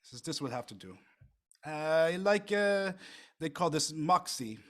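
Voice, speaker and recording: A man voicing a scheming male French Canadian syrup crime boss with a put-on French accent, halting and full of pauses. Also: on the high side, expressive, fairly bright tone. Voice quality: halting speech with thick fake accent, many "uh" pauses. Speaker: game master voicing a character.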